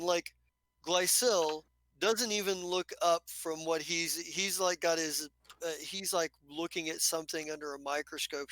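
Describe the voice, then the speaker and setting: A man narrating as game master of a tabletop game, halting and rambling with many fillers. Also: fairly high pitch, sharp tone, dry recording, poor audio.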